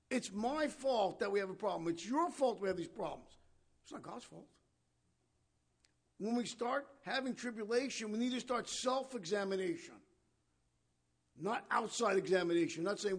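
A man's voice: high-pitched, lively intonation, normal speed, gravelly, pauses often, breathy edge. A man giving conversational Bible teaching, questioning his listeners and paraphrasing scripture. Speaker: preacher.

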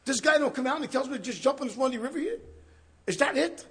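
A man's voice: very high-pitched, brisk, fairly bright tone, pitched above the performer's own voice. A preacher acting out a proud, boastful male army commander who shows off and takes offence. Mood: indignant. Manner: brash, showing off, indignant.

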